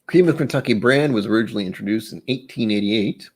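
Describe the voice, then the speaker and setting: A quick-talking man with a lowish, slightly mellow voice runs a laid-back whiskey tasting channel. He's rambling and talkative, self-deprecating in tone, and tends to stumble over words when reading.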